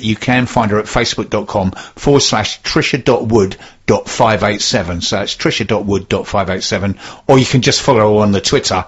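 A man's voice: on the low side, a bit bright, husky. A man hosting a radio show, reading listener messages with dry, wry banter. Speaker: radio host. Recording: dull lo-fi radio sound.

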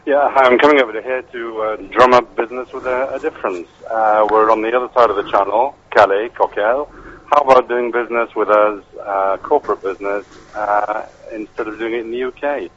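Male hotel manager guest; fairly low voice, hesitant but salesy; dull line with faint hiss. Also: fairly even intonation, fairly quick, a bit bright. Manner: hesitant, salesy, listing offers. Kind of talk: interview answers.

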